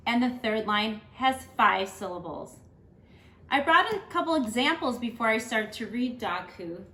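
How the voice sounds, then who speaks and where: A woman teacher reading a picture book aloud to children, slow and emphatic as she counts out syllables. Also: a little high, sharp tone, reverberant. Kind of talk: lesson and read-aloud for children.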